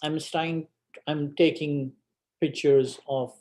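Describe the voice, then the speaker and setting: A man tells a personal story to an audience, slowly and deliberately. His voice sits a little high, and he leans on dramatic repetition. A roomy hall echoes around him. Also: level tone, darkish tone. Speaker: guest speaker.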